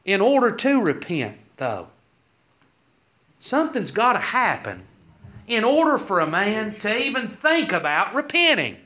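Lively high-voiced man teaching scripture. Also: measured pace. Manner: reads scripture aloud in King James wording, then explains it. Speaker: Sunday school teacher. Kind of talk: Bible teaching sermon. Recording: dull, lo-fi recording.

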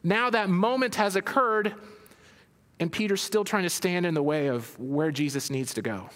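In a large hall with long reverb, a pastor first reads scripture aloud and then explains it. His slightly high, somewhat bright voice moves at normal speed, and he frequently restarts phrases while thinking aloud.

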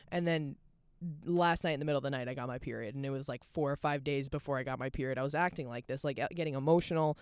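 Rambling young woman, smooth dry voice. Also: low-pitched, rapid-fire, dry recording. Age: young adult. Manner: rambling, fills nearly every phrase with "like"; open and confessional. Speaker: podcast host. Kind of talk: candid solo podcast monologue.

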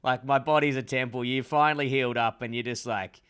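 A man's voice: medium pitch, fairly even intonation, brisk, fairly bright tone, clear, resonant tone. A man co-hosting a podcast, asking questions and joking in profane casual chat. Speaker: podcast co-host.

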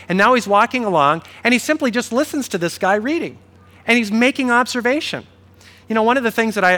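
A man's voice: a little high, sharp tone. A man preaching a sermon in a conversational, storytelling way, acting out quoted dialogue. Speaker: pastor.

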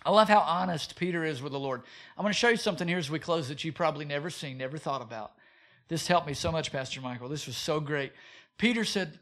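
Man, pastor, sermon, high-pitched voice, animated delivery, rhetorical questions. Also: fast. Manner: animated preaching with rhetorical questions and acted quotes.

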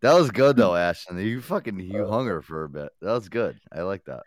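A man's voice: sits low, lively intonation, a little fast, crowd noise. A man hosting a radio show, making prank calls and joking crudely with his co-hosts. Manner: laughing, profane, rambling.

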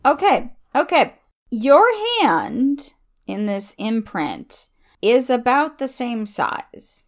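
A woman acting as game master, describing scenes in a measured, explanatory way. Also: a little high, sing-song. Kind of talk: running a tabletop game.

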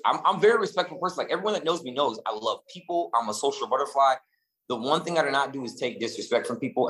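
A man co-hosting a casual chat, telling stories in an animated, profane and rambling way, full of restarts. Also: mid-range voice, low-quality recording. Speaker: podcast co-host.

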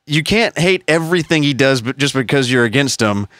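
A man's voice: medium pitch, lively intonation, a little fast, a bit bright, no room sound, clean studio sound. A man co-hosting a podcast, ranting heatedly with profanity and sarcastic put-on quotes. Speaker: podcast co-host. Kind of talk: casual podcast rant.

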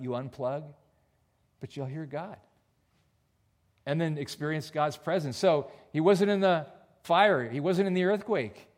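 A male pastor preaching a sermon, earnest and personal, dropping almost to a whisper on soft points. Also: mid-range voice. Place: church.

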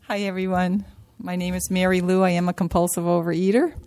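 A woman giving a personal testimony as a speaker at a support-group workshop. She talks in a halting, earnest way, restarting sentences and repeating key words for emphasis. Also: lowish voice, little pitch movement, darkish tone. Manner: halting and repetitive, with many restarts and hesitant pauses. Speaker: workshop speaker sharing her recovery story. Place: meeting room at a workshop.

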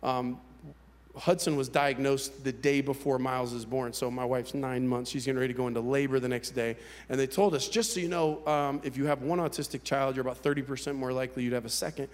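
A man's voice: mid-range voice, level tone. Candid preacher man in a reverberant hall. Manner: candid, conversational storytelling with halting restarts. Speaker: pastor. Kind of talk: personal testimony sermon.

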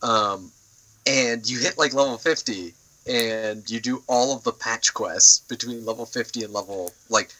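A young man on a podcast, rambling through his stories with fillers and swearing as he goes. His voice is very bright and forward, with a middling pitch. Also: unhurried, poor audio. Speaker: podcast co-host. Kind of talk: casual chat.

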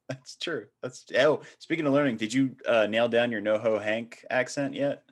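A man hosting a casual interview podcast, chatty and quick to laugh, asking long winding questions. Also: medium pitch. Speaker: podcast host.

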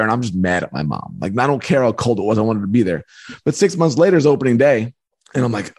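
A man, a book author and podcast guest, telling a personal story in a lively way. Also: medium pitch, fast. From New York. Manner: lively, acts out voices in anecdotes. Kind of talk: animated storytelling.

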